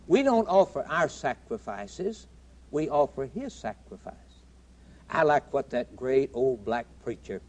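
A man's voice: mid-range voice, a little mellow. A man preaching a sermon with a rising and falling, emphatic cadence. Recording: broadcast of a taped sermon.

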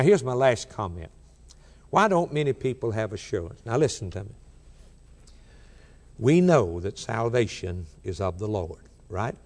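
A man preaching a sermon, emphatic and rhythmic, rising loud and dropping soft, slowing down when he quotes scripture. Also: fairly low pitch. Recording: long reverb of a large hall.

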